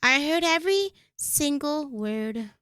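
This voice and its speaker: A woman's voice: sits high, lively intonation, a bit bright, dry recording, clean studio sound, full character voice. Woman voicing Lydia, a haughty vampire mistress. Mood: scornful. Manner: grand, mocking, drawn-out speech.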